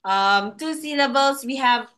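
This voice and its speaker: A woman's voice: high-pitched, unhurried, a bit bright. A woman tutoring a child in English over a video call, patient and encouraging, laughing often. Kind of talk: one-on-one online lesson for a child.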